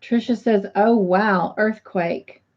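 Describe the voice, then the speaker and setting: Woman host of a casual livestream chat, reads comments out loud; mid-pitched, muffled lo-fi audio. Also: fairly even intonation, slow. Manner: reads viewer comments aloud, leads a prayer. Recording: dull lo-fi stream audio.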